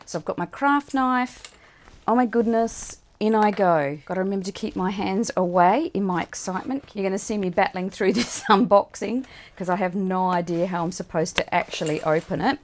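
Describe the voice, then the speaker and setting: Female author hosting an unboxing vlog, gushing and chatty, slightly low voice. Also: slight background noise. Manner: gushing and excited; warm and chatty, talking to viewers. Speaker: children's book author.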